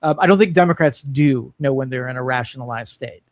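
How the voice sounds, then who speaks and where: A man's voice: mid-range voice, fairly quick. A man co-hosting a call-in talk show, arguing earnestly from principle and putting questions to the listeners. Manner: earnest, argues from principle, asks the audience questions. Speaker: co-host. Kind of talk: political talk-radio commentary.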